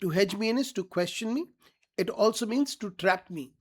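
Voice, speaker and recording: A man's voice: high-pitched, animated, normal speed. A man teaching a literature lesson, reading each quoted line and then paraphrasing it plainly, often checking whether his students follow.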